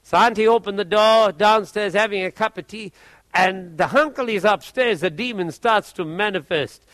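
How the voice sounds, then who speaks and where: A man preaching, telling a testimony story in an animated way and often repeating his words. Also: sits high, normal speed, dry recording.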